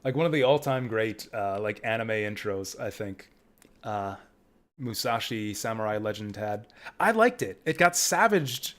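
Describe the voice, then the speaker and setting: A man's voice: on the low side, lively intonation, unhurried, a bit bright. Rambling man streaming a game. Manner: rambling, many fillers. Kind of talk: casual game commentary.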